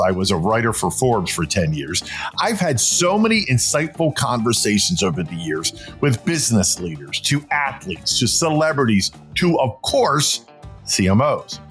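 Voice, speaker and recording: A man's voice: medium pitch, a bit bright. A man from Philadelphia hosting a marketing podcast, reading an upbeat intro and then chatting with a guest in an emphatic, joking way. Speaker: podcast host. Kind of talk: scripted intro then casual interview.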